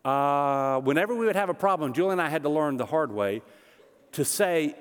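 Man, pastor, sermon, conversational, joking with the congregation, slightly high voice, long hall reverb. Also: animated, moderate pace, smooth.

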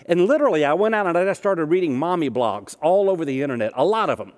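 Male minister, fairly high voice, relaxed storytelling sermon, reverberant hall. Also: quick pace. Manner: storytelling, conversational with humor.

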